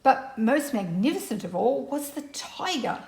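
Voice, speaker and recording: A woman reading a picture book aloud to a child at home, gentle and asking the child questions. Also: fairly high pitch, very animated, a little slow, roomy sound. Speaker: reader to a child.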